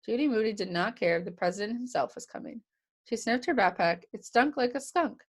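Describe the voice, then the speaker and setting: A woman's voice: on the high side, fairly quick. A young woman reading a children's chapter book aloud to kids, giving each character their own voice. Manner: lively, puts on voices for the characters.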